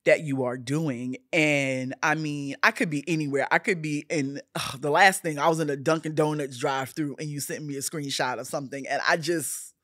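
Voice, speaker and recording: A woman's voice: low-pitched, steady tone, moderate pace, few pauses, a bit bright, no echo. A middle-aged woman, the guest and older sister, talking in a casual podcast conversation, earnest and emotional, drawing out her phrases.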